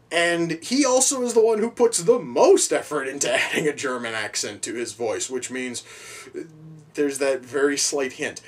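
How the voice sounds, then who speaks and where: A man's voice: on the high side, far from the mic. A man giving a casual spoken film review, rambling with frequent restarts, repeated words and swearing. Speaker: movie reviewer.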